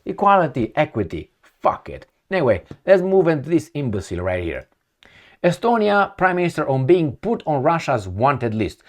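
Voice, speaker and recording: Animated, angry ranting man. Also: fairly high pitch, normal speed. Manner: angry, profane, mocking, heavy filler. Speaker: commentary vlogger. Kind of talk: ranting political commentary.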